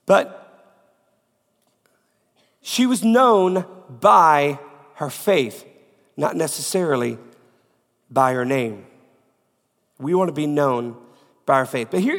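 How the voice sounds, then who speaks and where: A man preaching a sermon as pastor, with a cold, repeating phrases emphatically, swinging from loud peaks to quiet. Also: fairly high pitch, big pitch swings, takes it slowly, pauses often, big-room sound. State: has a cold.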